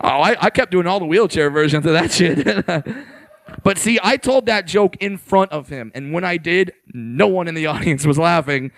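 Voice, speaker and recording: A man's voice: creaky, fairly bright tone, no room sound. Brash, profane man doing stand-up. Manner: brash, profane, shifts into higher voices for quoted people. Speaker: stand-up comedian. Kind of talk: stand-up comedy set. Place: comedy stage before a live audience.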